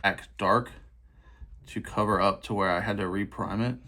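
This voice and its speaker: A man's voice: on the low side, fairly even intonation, moderate pace, bright, forceful tone. A young man chatting casually while he paints a miniature at his desk, thinking aloud and poking fun at himself. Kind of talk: casual narration over a painting session.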